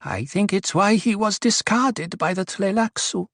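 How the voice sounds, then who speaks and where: A man voicing an impatient woman in an audiobook, speaking curtly and scolding, drawn out and slow. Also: sits high, very animated, no echo, clean studio sound, voice pushed up, heavily acted. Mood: sharp. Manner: curt, scolding. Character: sharp impatient woman servant.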